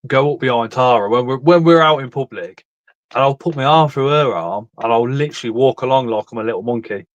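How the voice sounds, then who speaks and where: A man's voice: mid-range voice, a little fast, dry recording, dull audio. A middle-aged man, chatting casually on a live stream and telling stories full of swearing and laughter. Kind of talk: casual chat.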